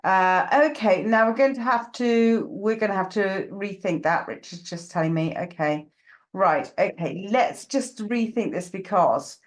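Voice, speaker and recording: A woman's voice: mid-range voice, unhurried. A woman, a psychic medium hosting a live-streamed reading show. She chats casually, greeting viewers one by one by name, with plenty of ums.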